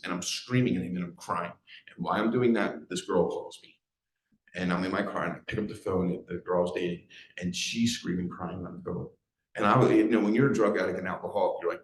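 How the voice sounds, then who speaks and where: Emotional Philly man telling his story. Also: low voice. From USA, South Philadelphia. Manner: storytelling, emotional, fast restarts and fillers. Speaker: guest speaker. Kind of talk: live personal testimony talk. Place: event hall before a live audience. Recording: echoey live talk hall.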